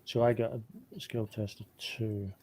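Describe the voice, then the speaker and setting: A man playing a tabletop game, blunt and excitable, swearing now and then. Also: on the low side, unhurried. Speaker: player. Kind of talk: casual tabletop game chat.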